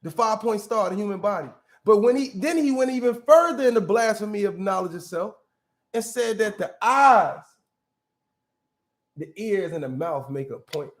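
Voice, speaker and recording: A man with a high-pitched voice hosts a casual reaction commentary. He argues bluntly and with plenty of profanity, doubling back and restarting his sentences as he works through each point. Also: animated, normal speed. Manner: blunt, profane, argumentative, restarts mid-thought. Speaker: commentary show host.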